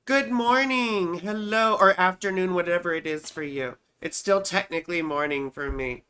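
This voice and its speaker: A woman's lowish voice, fairly bright, clear and resonant, moves at a moderate pace. Hosting a casual livestream from home as an astrologer, she rambles in a chatty way, often ending explanations with small check-ins such as "you see" and "right."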